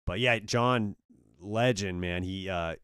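A man from Orange County talks with the easy, meandering rhythm of a podcast guest, filling his sentences with "kinda" and "dude". His voice is low and smooth. The recording is dry and close. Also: takes it slowly, fairly bright tone, no echo. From Orange County, California. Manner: laid-back, rambling, full of "kinda", "like" and "dude". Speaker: podcast guest, comedy show organizer. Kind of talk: casual chat.

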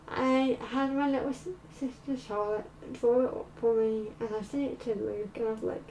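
A woman vlogger telling a personal story in a halting way, full of fillers. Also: fairly high pitch, steady tone, mellow, slight background noise. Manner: halting, slow, with many fillers. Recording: roomy, distant mic.

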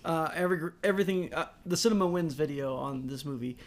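A man's voice: a little high, fast. Enthusiastic man riffing on a movie. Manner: enthusiastic, chimes in with jokes and details. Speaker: podcast co-host. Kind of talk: casual movie recap chat.

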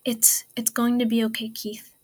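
A woman voicing a gentle, steady male leader. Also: mid-range voice, moderate pace, lightly acted. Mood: shaken.

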